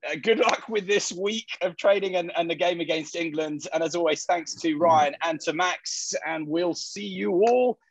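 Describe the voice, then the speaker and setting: High-voiced male host, quick questions. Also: a little hiss or hum. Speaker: podcast host. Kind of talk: rapid-fire interview questions.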